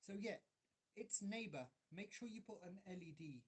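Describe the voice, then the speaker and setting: Husky English guy rambling while soldering. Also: high-pitched, animated, normal speed. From England, grew up in Derby. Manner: self-mocking, swears a lot, many restarts. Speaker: hobbyist video maker.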